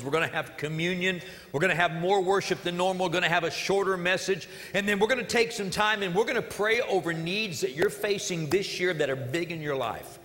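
A man's voice: high voice, sharp tone, in a large hall. A male pastor preaching a sermon in an earnest, emphatic way, repeating key phrases, during a church service.

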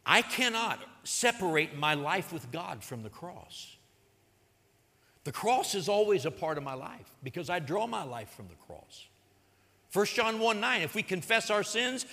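Male pastor, bright forceful tone, long reverb, earnest sermon delivery. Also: high-pitched, very animated, normal speed. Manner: earnest preaching, retells a parable with acted quotes.

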